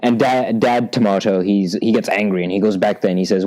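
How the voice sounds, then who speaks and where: A young man co-hosting a casual podcast. He tells jokes haltingly, repeating words and stifling laughter. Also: lowish voice, fairly even intonation, darkish tone, low-quality recording. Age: young adult. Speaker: podcast co-host. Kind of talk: casual joking chat.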